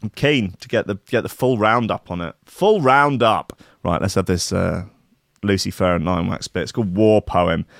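Low-voiced irreverent male news host. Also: moderate pace, gravelly, no echo, clean studio sound. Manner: irreverent, profane, rambling asides. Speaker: podcast host. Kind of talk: casual news commentary.

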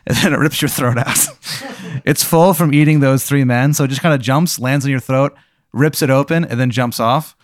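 A man narrating an improvised comic scene, rambling and deadpan with many fillers. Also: medium pitch, moderate pace, no room sound.

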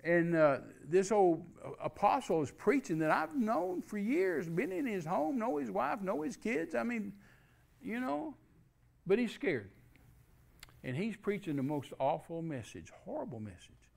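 A man preaches a storytelling sermon, folksy and animated, acting out the voices of the people in his tale. His voice sits a little high for a man and carries a gravelly, creaky texture. He swings between soft asides and loud bursts. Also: normal speed. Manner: folksy, animated, acts out quotes.

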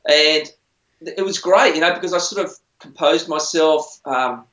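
A man's voice: a little high, a little slow, a bit bright. A middle-aged man, a musician, telling stories in a rambling, chatty, self-deprecating way during a casual interview. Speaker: musician on a TV singing show. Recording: roomy, dull lo-fi sound.

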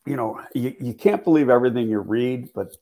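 A man with a gravelly, creaky voice talks football as a podcast co-host. He speaks in a measured way, pausing and restarting often. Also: mid-range voice, mellow. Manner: measured, hesitant, many restarts. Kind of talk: casual football talk.

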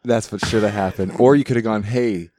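Male podcast co-host, low voice, dry booth sound, playful, self-deprecating. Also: fast, dark tone, no room sound. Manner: playful, self-mocking, laughs a lot. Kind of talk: casual joking chat.

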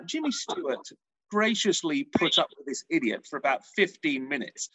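A man's voice: on the high side, normal speed, husky, dry recording, highs cut off. A middle-aged man, a showbiz journalist telling stories in a casual interview. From England. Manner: chatty storyteller, animated.

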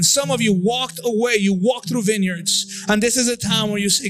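Fired-up male pastor praying over a church, high voice, kinda sings his lines, music going behind him. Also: moderate pace, few pauses, a bit bright. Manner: impassioned, repeating phrases, half-singing lines. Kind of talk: sermon and altar-call prayer. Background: instrumental music.

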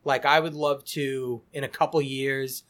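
A man's voice: mid-range voice, level tone, a little slow, a bit bright. A middle-aged man, a cigar company founder chatting as a podcast guest, rambling with many restarts and repeated words. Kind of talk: casual podcast interview.

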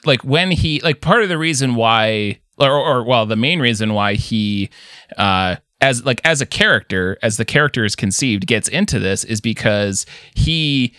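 A man's voice: mid-range voice, animated, moderate pace, pushed and bright, clear, resonant tone, no echo, clean studio sound. A man co-hosting a casual movie podcast, emphatic and freely swearing as he makes his points. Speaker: podcast co-host. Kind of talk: casual film discussion.

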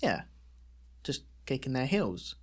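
A man's voice: mid-range voice, very animated, takes it slowly, husky. Chatty man co-hosting a podcast. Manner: chatty, jokey, rambling. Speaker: podcast co-host. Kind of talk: casual chat.

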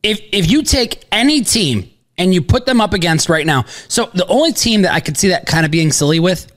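A man's voice: high-pitched, animated, brisk, a bit bright. A man co-hosting a sports betting podcast, talking bluntly and casually, often stumbling and restarting.

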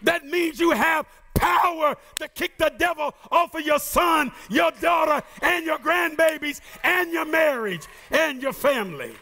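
High, bright-voiced shouting preacher. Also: male voice, unhurried, creaky, hardly any pauses. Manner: shouting, sing-song preaching with playful asides. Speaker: pastor. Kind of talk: sermon.

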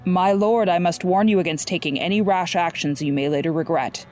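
A woman's voice: fairly low pitch, darkish tone, soft background music, lightly acted. Woman reading a deferential male sorcerer. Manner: measured, deferential. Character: respectful, cautious male sorcerer.

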